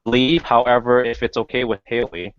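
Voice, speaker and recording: A man's voice: medium pitch, fairly even intonation, moderate pace, clean tone, no room sound. A male co-host speaks politely and a bit apologetically while he manages the waiting callers. His mic is dry and close. The sound is dull and lo-fi. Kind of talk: casual stream chat.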